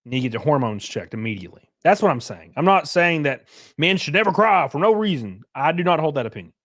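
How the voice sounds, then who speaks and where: A man's voice: on the high side, big pitch swings, fast, a bit bright. A man hosting a live stream, ranting bluntly and profanely and reading chat messages aloud. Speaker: streamer host. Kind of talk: casual live-stream reaction rant.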